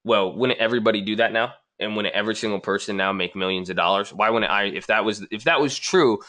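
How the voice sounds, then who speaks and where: A trading channel host makes a casual response video, reading viewer comments aloud one by one and arguing against each. His slightly low voice has a bright, forward edge that keeps every rebuttal pointed.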